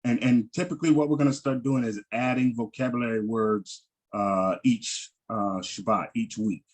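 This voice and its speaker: A man's voice: medium pitch, fairly even intonation, normal speed. A man teaching a Hebrew vocabulary lesson, patiently repeating each word with frequent ums and restarts.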